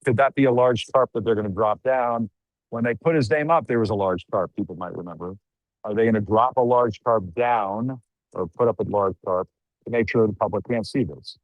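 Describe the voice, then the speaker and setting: A middle-aged man delivers a live on-the-scene news report outdoors late at night. His voice sits a bit low, and the sound is dry and close with no room echo. He talks in a loose, conversational way, dropping wry asides between updates. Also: brisk, phone-quality sound. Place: outdoors at night among a crowd.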